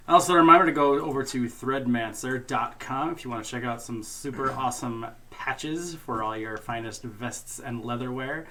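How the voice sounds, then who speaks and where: A man narrating and hosting a tabletop game as game master, relaxed and jokey, often laughing. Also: medium pitch, moderate pace, slight background noise.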